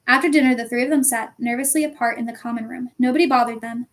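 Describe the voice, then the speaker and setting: A woman reads a storybook aloud at a steady, calm pace. Her voice sits a little high for a woman. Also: fast talker, few pauses. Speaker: audiobook reader. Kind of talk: storybook narration.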